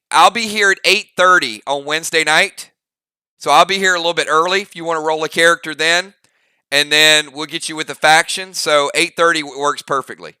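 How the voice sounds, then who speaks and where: A man running a live role-playing game, calling each move and damage total in an upbeat play-by-play. His voice is very bright and crisp, and the recording is dry and close. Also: a little high, dry recording. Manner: upbeat, drawn-out play-by-play calls. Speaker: game master. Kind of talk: live game narration and commentary.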